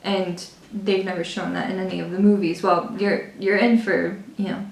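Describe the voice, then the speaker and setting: A young woman talks through a casual book review in a chatty, animated way, often stopping and restarting her thoughts. Her voice sits at a middle pitch. The room around her is noticeably echoey. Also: moderate pace, vocal fry, few pauses. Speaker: beauty and book vlogger. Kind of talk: casual book review while doing makeup.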